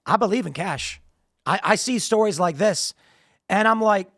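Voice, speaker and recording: A male political commentator with a strained, hoarse voice that sits high and gravelly. He speaks emphatically and often repeats words as he restarts sentences. The sound is close and dry, with no room around it. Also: expressive, moderate pace, a bit bright, dry recording. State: losing his voice, strained throat. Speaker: show host.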